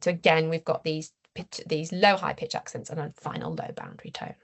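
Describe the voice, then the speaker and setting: A woman researcher giving an academic seminar presentation, explaining her findings in a measured way with frequent ums and restarts. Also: low voice, sing-song, gravelly.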